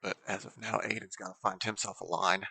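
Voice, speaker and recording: Bright, gravelly bowling commentator man. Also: low-pitched, fairly quick, a little hiss or hum, rough recording. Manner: steady, explanatory, with frequent ums. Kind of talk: play-by-play sports commentary.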